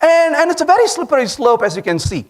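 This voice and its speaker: High-pitched, animated man giving a talk. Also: fast talker. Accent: Indian. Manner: animated storytelling, asks the audience questions. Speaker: conference speaker. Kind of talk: lively tech conference talk. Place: conference hall.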